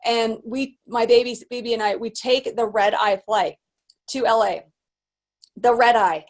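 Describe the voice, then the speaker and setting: A woman business coach telling her story in an animated motivational talk, full of restarts and fillers. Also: a little high, measured pace. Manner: animated, acts out quoted voices; rambling with many restarts and fillers.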